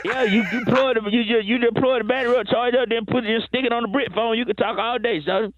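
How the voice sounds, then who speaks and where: A man's voice: steady tone, quick pace, a bit bright, dull audio. A man voicing a brash streetwise hustler, rambling in slang. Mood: hustling. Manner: slangy, rambling, boastful sales pitch. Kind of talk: radio prank-character comedy bit.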